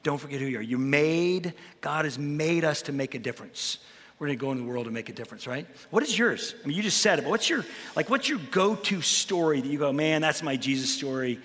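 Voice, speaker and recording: A man, a pastor, talking about faith and telling Bible stories with lively energy that rises into preaching. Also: a little high, brisk, big-room sound. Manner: animated storyteller, rises into preaching. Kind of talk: conversational faith talk with storytelling.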